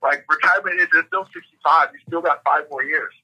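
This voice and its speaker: A man's voice: fairly high pitch, quick pace, sharp tone, husky, poor audio. A man on a podcast as a guest, talking through life stages in a reflective, coaching way, often adding "like" and "right?". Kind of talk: motivational interview talk.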